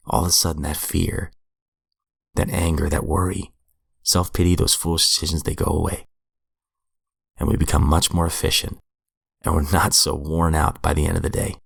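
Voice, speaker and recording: A hoarse man hosting a podcast, reading passages aloud and reflecting on them in an earnest, conversational way. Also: low voice, dry recording, studio quality. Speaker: podcast host reading recovery literature. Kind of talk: reflective solo podcast commentary.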